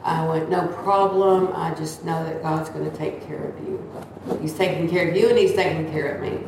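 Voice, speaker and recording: Low-voiced with vocal fry and fairly even intonation, a church member in her 70s tells her personal testimony at a moderate pace, chatty and acting out quoted voices. It's captured with a distant mic in an echoey room, with background noise.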